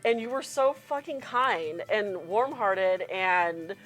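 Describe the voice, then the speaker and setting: A woman hosting a casual podcast interview, excitable and gushing, swearing freely. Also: medium pitch, slow pace, faint music behind. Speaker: podcast host.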